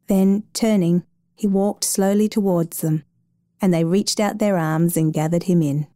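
A woman reading a story aloud, narrating as an adoption caseworker, in a calm, measured way. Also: lowish voice, no echo.

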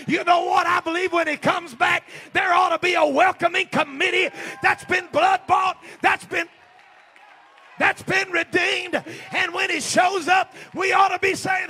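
A man preaching a revival sermon, shouting and exhorting his congregation to praise. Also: very high-pitched, fairly even intonation, unhurried, a faint crowd. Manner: shouting, call-and-response exhortation.

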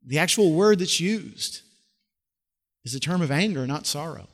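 A man's voice: a little high, unhurried. Middle-aged man preaching in a reverberant hall. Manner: animated, conversational preaching with frequent restarts and rhetorical questions. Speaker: pastor. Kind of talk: sermon.

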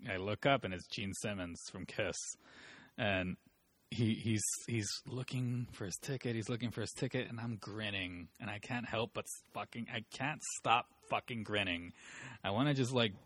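A young man spins rambling, profane workplace stories, often laughing as he goes. His voice sits on the low side and sounds close and dry, with almost no room around it. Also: moderate pace, a bit bright, dry recording. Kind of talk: casual storytelling chat.

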